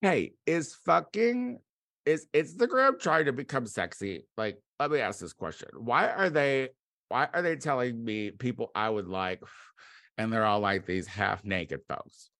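A man from the United States delivering a casual comedic monologue as a podcast host. He rambles and swears, with sudden loud outbursts. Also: mid-range voice, very animated, unhurried, creaky, no room sound, clean studio sound.

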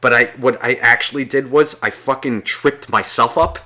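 A man with a bright, forceful voice tells a rambling story in casual chat. He swears constantly and slips into the voices of the people he quotes. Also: medium pitch, moderate pace. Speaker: guest telling a story.

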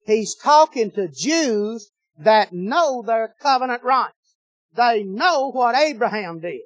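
A preacher delivering a sermon in a high, excitable voice, folksy and animated as he tells his story. The sound is dry and close-miked, with no room echo. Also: slow. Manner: folksy, animated storytelling, swings from shouting to low tones.

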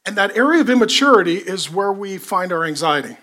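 A man, a pastor, preaching a sermon in a lively way, with repeated rhetorical questions to the congregation. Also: high voice, fairly quick.

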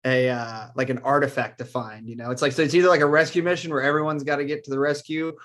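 A man's voice: mid-range voice, steady tone, fast, fairly bright tone. A young man, a podcast guest, rambling upbeat answers with lots of fillers. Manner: upbeat, rambling, laughs easily. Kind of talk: casual podcast chat.

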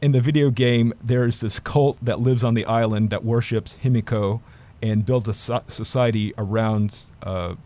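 A man's voice: medium pitch, steady tone, normal speed, few pauses, mellow. A man reviewing films in a casual chat, rambling with many fillers and restarts. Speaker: film critic.

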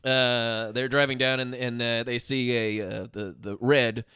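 Podcast co-host, man, bright higher voice, dry close sound, animated scene-recapper. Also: measured pace, smooth, no echo. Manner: animated retelling of scenes in put-on voices, laughing often. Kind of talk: casual movie-riffing chat.

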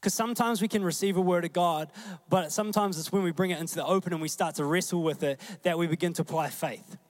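Male preacher, New Zealand accent, slightly high voice, casual and lively sermon delivery. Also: fast. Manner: conversational, animated, acts out quoted voices.

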